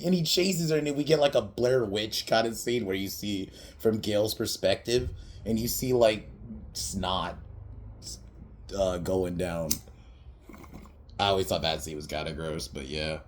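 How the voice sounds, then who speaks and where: A man's voice: fairly low pitch, unhurried, slight background noise. A man casually recapping a comedy movie on a podcast, rambling, swearing and laughing as he goes. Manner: rambling, laughs often, swears, quotes scenes in mocking voices. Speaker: podcast host reviewing a movie.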